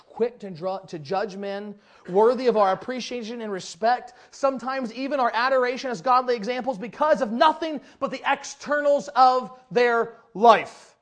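High-voiced preacher, animated and conversational. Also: male voice. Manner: animated, conversational, swings from loud to hushed. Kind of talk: sermon.

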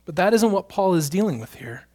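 Pastor, male, fairly high voice; preaches in swings from quiet and drawn-out to forceful and loud. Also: sing-song. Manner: swings between hushed, slow stretches and loud, emphatic bursts. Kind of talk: sermon.

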